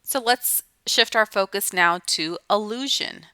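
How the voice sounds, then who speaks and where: A woman's voice: medium pitch, a little slow, pushed and bright, clean tone, no echo. A woman teacher giving a recorded lesson to students, explaining patiently and restating each point.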